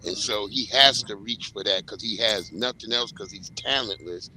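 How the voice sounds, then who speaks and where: Sharp, blunt-talking man. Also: on the low side, normal speed, a little hiss or hum, low-quality recording. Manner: blunt and heated, cursing freely. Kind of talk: casual panel discussion.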